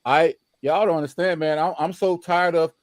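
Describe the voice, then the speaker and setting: On a live-stream panel, a man from Louisiana, Mississippi, in the American South speaks earnestly in a Southern accent, his casual talk impassioned, repetitive and occasionally profane. The fairly high voice keeps an even intonation at normal speed, with studio quality and no echo.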